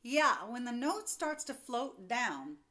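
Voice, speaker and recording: Bright upbeat woman vocal coach. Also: fairly high pitch, sing-song. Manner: upbeat, explains with quick demos and laughs. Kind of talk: singing lesson.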